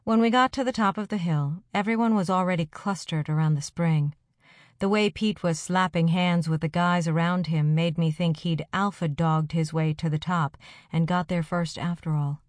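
A woman narrating a first-person audiobook in an even storytelling delivery. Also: lowish voice, moderate pace, dry recording. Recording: dry close studio sound.

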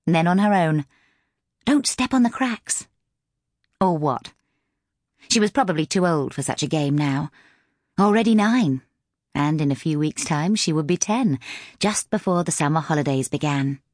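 A woman narrating an audiobook in a measured, expressive storytelling manner, close to a studio mic. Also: low-pitched, no room sound.

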